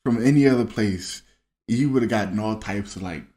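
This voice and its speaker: A man's voice: on the low side, moderate pace. A man co-hosting a casual unscripted chat at home, telling stories animatedly and acting out the voices in them. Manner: animated storyteller, acts out voices. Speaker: podcast co-host.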